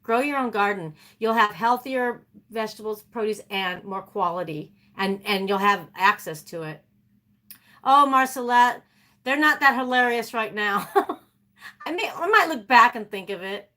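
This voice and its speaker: Bright, chatty woman talking to viewers. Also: fairly high pitch, measured pace. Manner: animated, chatty, laughs often. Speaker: livestream host. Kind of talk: casual chat with viewers.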